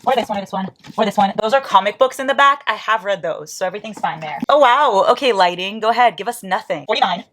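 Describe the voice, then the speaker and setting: A woman whose first language is Portuguese talks casually into her camera at home beside her bookshelves, counting books aloud and teasing herself along the way. Her voice sits at a middle pitch. A faint hiss runs under the recording. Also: animated, fast talker, few pauses, fairly bright tone. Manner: chatty, counting books aloud with self-mocking asides. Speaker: book vlogger. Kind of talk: casual vlog.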